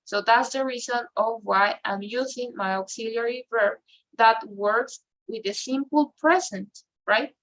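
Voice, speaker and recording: A woman's voice: on the high side, measured pace, fairly bright tone, rough recording. A woman teaching English grammar, often checking in with a questioning "right?" and slipping into now and then. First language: Spanish. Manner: mixes in Spanish, ends phrases with "right?". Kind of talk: online class explanation.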